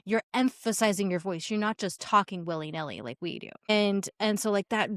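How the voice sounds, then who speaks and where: A woman hosting a casual podcast interview, chatty and animated, laughing often. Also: mid-range voice, fairly quick, dry recording, studio quality. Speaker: podcast host.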